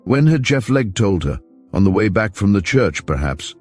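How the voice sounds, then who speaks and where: Soft music sits faintly under this male audiobook narrator, whose very deep voice carries the story at a steady, measured pace.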